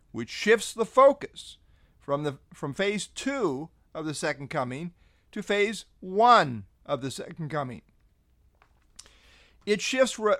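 Lively, high-voiced man preaching a sermon. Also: no echo, studio quality. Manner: emphatic, reads verses aloud and cites chapter numbers. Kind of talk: expository sermon.

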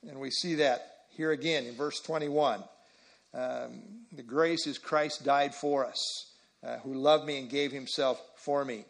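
A man's voice: mid-range voice, steady tone, unhurried, creaky. A man preaching an expository sermon, reading scripture aloud and explaining it, repeating key phrases with frequent fillers.

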